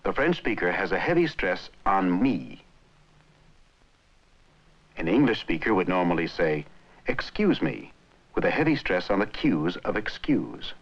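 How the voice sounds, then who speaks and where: Lively low-voiced film narrator. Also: male voice. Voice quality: clear, measured explaining. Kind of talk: scripted educational narration. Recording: muffled old film soundtrack.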